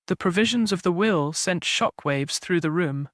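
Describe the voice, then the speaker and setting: A man narrating a cozy detective story in an even, measured storytelling manner. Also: high-pitched, dry recording, studio quality. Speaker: audiobook narrator. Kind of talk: scripted mystery narration.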